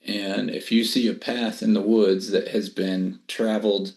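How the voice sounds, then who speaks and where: A low-voiced man with a gravelly edge talks very slowly while he explains an idea. He is deliberate and unhurried. His voice sits in an echoey, roomy space. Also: level tone, darkish tone. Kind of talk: casual Bible study discussion.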